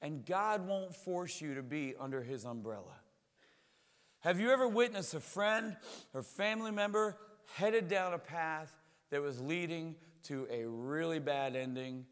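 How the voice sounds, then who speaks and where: A man's voice: on the high side, a little slow, a bit bright, long reverb tail. A man preaching a sermon as a pastor, talking in a conversational way and often repeating words as he goes.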